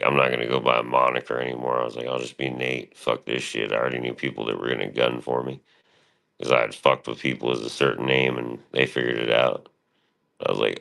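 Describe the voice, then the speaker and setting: A man's voice: extremely low pitch, gravelly, fairly bright tone. A man streaming live, rambling casually and profanely about his past and his show, often quoting himself.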